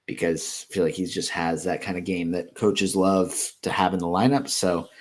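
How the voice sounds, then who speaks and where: Viewer questions get answered by a fantasy basketball analyst whose voice is deep and low-pitched, with a steady tone. The live Q&A is unscripted and casual; he thinks aloud, saying um often and catching himself to restart sentences.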